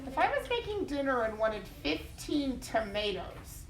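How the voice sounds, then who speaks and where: Female teacher, class read-aloud, high bright voice, unhurried and expressive. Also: a little hiss or hum.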